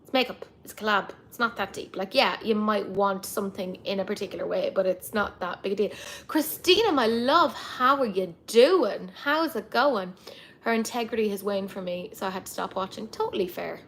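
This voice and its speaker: An Irish woman hosting a live chat with viewers, talking in a chatty, lively way with lots of asides. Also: medium pitch, moderate pace. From Ireland. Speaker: livestream host.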